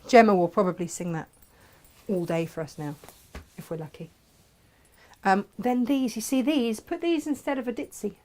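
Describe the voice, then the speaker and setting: A chatty woman in her forties hosts a live crafting show. She talks in a loose, rambling way with quick asides, often laughing between thoughts. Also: medium pitch, a little mellow. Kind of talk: casual live chat selling fabrics.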